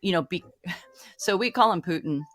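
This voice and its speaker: A woman's voice: on the low side, expressive, moderate pace, no room sound. A woman chatting casually on a talk show, telling travel stories with lots of laughter. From California. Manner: chatty storyteller, laughs often. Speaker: show regular. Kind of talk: casual chat.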